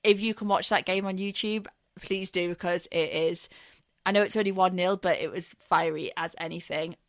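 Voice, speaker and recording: A woman's voice: lowish voice, steady tone, moderate pace. A woman co-hosting a podcast, giving casual football chat in a playful, teasing, chatty way. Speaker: podcast co-host.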